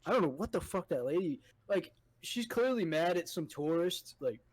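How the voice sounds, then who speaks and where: A man's voice: fairly high pitch, animated, moderate pace, no room sound, poor audio. A young man co-hosting a podcast, telling a story in casual, profane chat and acting out quotes. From United States. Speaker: podcast co-host.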